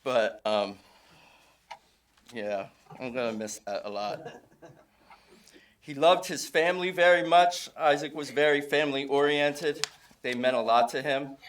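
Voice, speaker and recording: Brief: middle-aged dad, mid-range voice, relaxed anecdotal eulogy, light chuckles. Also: male voice, medium pitch, a little slow, pauses often, slight background noise. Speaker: father giving a eulogy. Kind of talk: informal memorial eulogy. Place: funeral home service.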